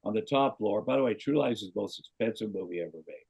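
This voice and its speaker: A man's voice: fairly low pitch, quick pace, creaky, breathy edge. A middle-aged man from Iowa, a comedian guest, telling a long anecdote and acting out the voices of the people in it. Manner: animated anecdote teller, acts out quoted voices. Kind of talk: casual storytelling interview. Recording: dull lo-fi podcast audio.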